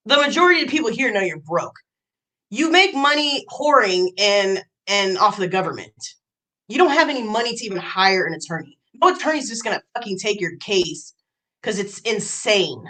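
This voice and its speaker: A woman streamer rants and mocks in a high, lively voice that swings widely up and down. She swears freely and sounds exasperated. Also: poor audio. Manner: profane, mocking, exasperated. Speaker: live streamer. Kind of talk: ranting commentary.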